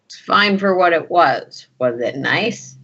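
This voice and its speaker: A woman's voice: lowish voice, lively intonation, slow pace, gravelly, fairly bright tone, husky, full character voice. A woman voicing a salty, jaded astromech droid in a tabletop game, talking bluntly and sarcastically. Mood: sarcastic. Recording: dull lo-fi sound.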